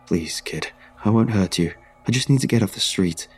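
A man's voice: fairly low pitch, moderate pace, darkish tone, husky, faint music behind. A man voicing a terrified young man who whimpers and begs to be let in. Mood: begging. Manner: desperate, whimpering, begging.

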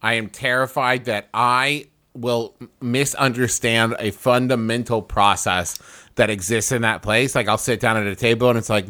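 A man's voice: mid-range voice, fairly even intonation, moderate pace, pushed and bright. A man co-hosting a comedy podcast, telling a self-deprecating story in an earnest, chatty way. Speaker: podcast co-host. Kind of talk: comedic casual chat.

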